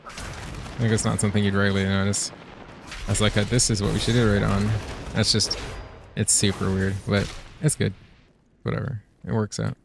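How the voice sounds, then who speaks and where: A man's voice: on the low side, normal speed, creaky, long pauses, slight background noise. A man streaming a game, talking casually to his viewers with a lot of swearing and frequent laughter. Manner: excitable, profane, laughs often. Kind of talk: casual gameplay commentary.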